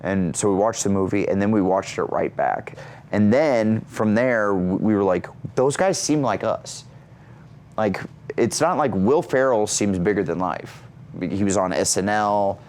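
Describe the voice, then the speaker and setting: A man in his thirties, an actor and comedian, telling stories in an interview with lots of energy and self-mockery, jumping up high for quoted lines. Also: measured pace, a little mellow. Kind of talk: animated storytelling in an interview.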